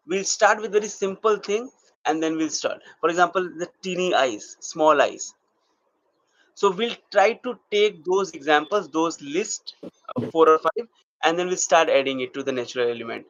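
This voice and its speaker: A man's voice: on the high side, a bit bright, no echo. A man teaching an acting class, explaining steps and checking in with his students. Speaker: acting coach. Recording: dull lo-fi recording.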